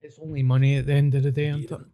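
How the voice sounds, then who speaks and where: Scottish male podcast host, relaxed storyteller, dark mellow voice. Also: mid-range voice, rapid-fire. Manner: casual storytelling, laid-back. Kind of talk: casual podcast chat.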